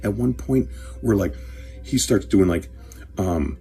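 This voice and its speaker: A man's voice: on the low side, takes it slowly, creaky, warm tone, faint music behind. A middle-aged man hosting his own show, telling a rambling, profane story and chatting casually while opening packs of cards. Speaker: show host, career coach.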